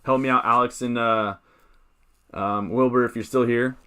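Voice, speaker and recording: A man's voice: medium pitch, fairly even intonation, moderate pace, pushed and bright, clean tone. A young man hosting a live stream, chatting casually, wandering between thoughts and reading out viewer comments. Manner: rambling, chats with viewers, reads out comments.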